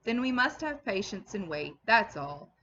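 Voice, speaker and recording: Very animated and unhurried, a medium-pitched woman exaggerates her voice to play a loyal, outspoken older Englishwoman in service who scolds and opines loudly and emphatically. It sounds like a teacher reading a classic novel to her class, on dull audio with slight background noise.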